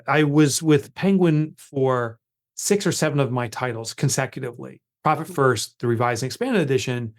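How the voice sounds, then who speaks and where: A man, a guest author on a podcast interview, telling a story in an animated way and acting out his own reactions. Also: mid-range voice.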